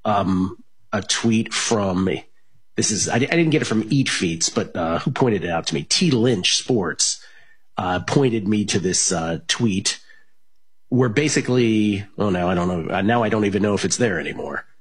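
A man's voice: fairly low pitch, animated, normal speed, husky. A man hosting a sports betting radio show, talking casually with plenty of fillers and restarts. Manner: rambling, many fillers and restarts.

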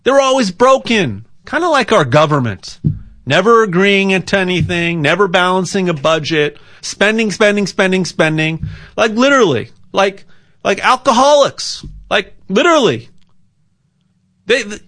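Male pitchman, slightly high voice, unhurried delivery, dry close sound, rambling and jokey. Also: animated, fairly bright tone, dry recording. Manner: rambling, repeats words, jokey asides. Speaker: gold sales pitchman. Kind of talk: casual promotional talk.

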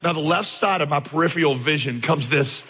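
A male pastor telling a lively story in a sermon, acting out the voices in his dialogue. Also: fairly high pitch, brisk, slightly rough, big-room sound.

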